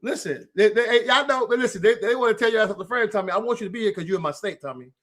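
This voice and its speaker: Rapid-fire and fairly bright in tone, a high-voiced American man runs a political livestream, launching into a profane, heated tirade. He singles out a rival who's absent, naming him and talking to him directly.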